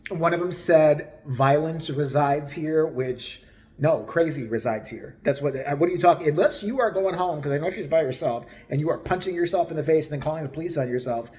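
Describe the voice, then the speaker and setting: A vlogger ranting through a storytime in an animated, profane, exasperated way. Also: mid-range voice, brisk. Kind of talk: storytime rant.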